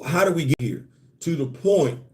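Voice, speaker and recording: Animated man riffing on comics. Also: fairly high pitch, normal speed. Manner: conversational, rhetorical questions, repeats words when building a point. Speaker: host of a comics and culture live show. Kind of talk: casual solo commentary.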